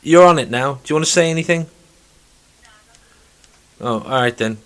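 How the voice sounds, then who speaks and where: A man's voice: a little high, moderate pace, faint music behind. A man hosting a casual podcast, ranting and swearing freely and mimicking other people in put-on voices. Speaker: podcast host. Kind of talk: casual chat.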